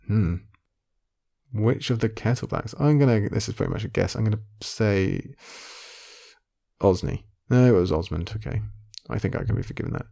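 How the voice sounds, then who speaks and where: Male quiz vlogger, low and gravelly, casual muttered think-aloud commentary. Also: mellow. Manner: muttering guesses half to himself, then committing. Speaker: video creator playing an online quiz.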